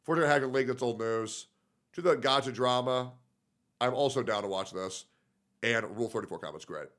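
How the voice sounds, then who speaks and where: A man's voice: mid-range voice, a little fast, a bit bright. A young man streaming in casual commentary, reacting to posts in a profane, filler-heavy, muttering way.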